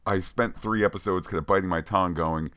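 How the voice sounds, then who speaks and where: A man's voice: deep voice, steady tone, brisk, fairly bright tone, dry recording, studio quality. A man co-hosting a podcast, talking in a chatty, playful way with plenty of filler words. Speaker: podcast co-host. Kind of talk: casual chat.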